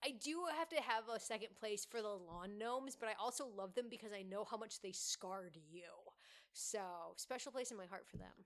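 A woman's voice: mid-range voice, fairly quick. A woman co-hosting a casual movie-review podcast, blunt and snarky, swearing freely. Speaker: podcast co-host.

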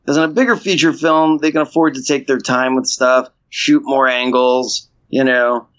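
A man's voice: mid-range voice, fairly even intonation, moderate pace, a bit bright. A man talking casually as an interview guest, rambling with many restarts and repeated fillers. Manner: rambling, restarts, frequent "you know". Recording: dull lo-fi sound.

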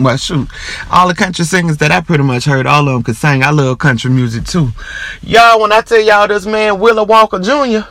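A man's voice: high voice, bright, forceful tone, no room sound. A man hosting his own podcast, chatting casually and animatedly, breaking into hard laughter. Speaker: podcast host. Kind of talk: casual chat.

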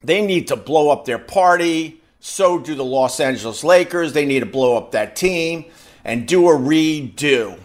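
A man's voice: on the high side, animated, measured pace. A middle-aged man hosting a podcast live stream, talking in a blunt, rambling and profane way. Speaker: podcast host. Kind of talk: casual live-stream talk.

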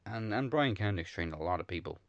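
A man with a very deep, gravelly voice co-hosts a casual wrestling chat. He reasons points out in a relaxed way. The sound is dry and close. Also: fast talker, no echo, highs cut off. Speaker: podcast co-host.

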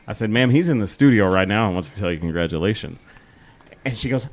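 A man's voice: fairly low pitch, fast. A man co-hosting a casual podcast, telling a story with lots of swearing, laughter and acted-out quotes. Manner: animated, acts out quotes, swears, laughs often. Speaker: podcast co-host.

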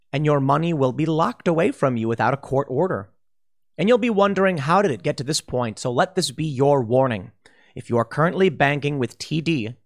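A man giving an emphatic opinion commentary, warning listeners and sketching scenarios. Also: a little high. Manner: emphatic, warning, speculative, with restarts. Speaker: political commentator.

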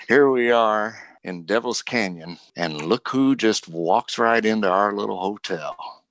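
A man voicing Hurley, a gruff armed outlaw gunman, in a tabletop role-play. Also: on the low side, slow pace, a bit bright, no room sound. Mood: menacing.

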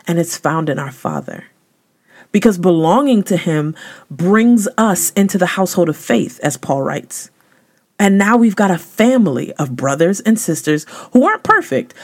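A woman host giving a devotional talk in a casual, slangy, emphatic way, her voice rising sharply on key words. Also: darkish tone. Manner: emphatic, conversational, slangy, with sudden rises in pitch. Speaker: podcast host.

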